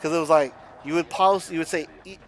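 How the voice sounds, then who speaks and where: Fairly high-pitched and steady, this young streamer from a Mexican family speaks fairly quickly. He makes casual, rambling conversation as he plays a driving game, with lots of swearing and sentences he keeps restarting.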